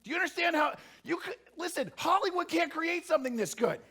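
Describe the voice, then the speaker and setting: A man preaching a sermon as pastor, animated and swinging from hushed tones to shouting. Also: extremely high pitch, a little fast.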